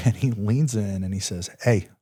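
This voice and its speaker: A man's voice: fairly low pitch, normal speed, dark tone, husky. Intense, emphatic male storyteller. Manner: intense, emphatic, repeats phrases, swears freely. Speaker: podcast guest, former Army Ranger. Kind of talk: storytelling in a podcast interview.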